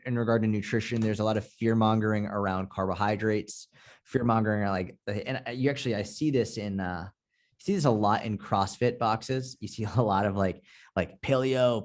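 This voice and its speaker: A man with a Boston accent talks as a guest on a casual podcast. He is blunt and animated and swears freely. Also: medium pitch. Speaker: podcast guest, fitness coach.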